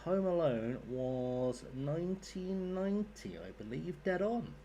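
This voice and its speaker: A man's voice: on the high side, lively intonation, takes it slowly, mellow, lo-fi sound, slight background noise. A man giving casual, rambling commentary while playing a game, swearing freely. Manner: rambling, sweary, chatty asides. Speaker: gaming YouTuber.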